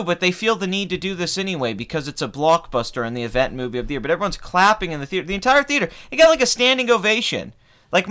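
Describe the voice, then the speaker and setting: A man's voice: high voice, sharp tone. A man in his twenties, hosting a film channel, ranting heatedly and with profanity in casual live stream chat. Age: 20s. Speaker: film review channel host.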